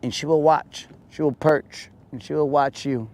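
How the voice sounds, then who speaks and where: A man hosting a live fishing stream, chatting casually and teasing his viewers in a joking, drawn-out way. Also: fairly high pitch, fairly even intonation, a little mellow. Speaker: fishing livestream host.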